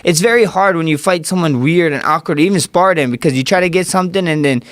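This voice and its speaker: Man, podcast guest, fairly high voice, rambling, chuckles, dry close mic. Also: fast, fairly bright tone, no room sound. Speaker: guest fighter. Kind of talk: casual chat.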